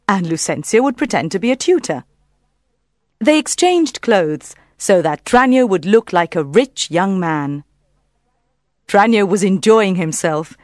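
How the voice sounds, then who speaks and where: A woman narrating a storybook audiobook in a calm, clear reading voice. Her voice sits a little low, and the recording is dry and close. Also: no room sound.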